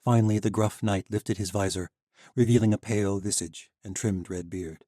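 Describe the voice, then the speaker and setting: Male audiobook narrator, steady and even, warm and close-miked. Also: on the low side, normal speed, no echo. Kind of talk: scripted narration.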